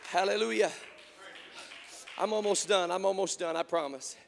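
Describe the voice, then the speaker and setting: A man preaching a sermon, moving between quiet storytelling and shouted, impassioned calls. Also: high voice, normal speed, creaky, in a large hall, background noise. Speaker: pastor. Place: church.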